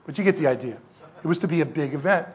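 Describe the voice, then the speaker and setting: A man with a slightly high, husky voice preaches an expository sermon as pastor, speaking in rapid-fire fashion. He tells the story in a lively way and poses rhetorical questions to the congregation.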